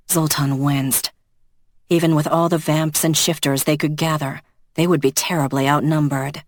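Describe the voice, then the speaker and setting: A narrator reads a romance novel aloud in an even, measured way. The voice sits at a middle pitch. It is recorded close and dry, with no room sound. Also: no room sound. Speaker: audiobook narrator. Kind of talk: scripted audiobook narration.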